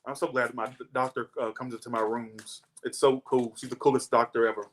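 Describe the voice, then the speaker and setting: A man's voice: mid-range voice, level tone, a little fast, fairly bright tone, a little hiss or hum. A young man, chatting casually and animatedly as he tells stories and reads tarot, swearing freely. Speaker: tarot reader. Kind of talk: casual storytelling and tarot reading.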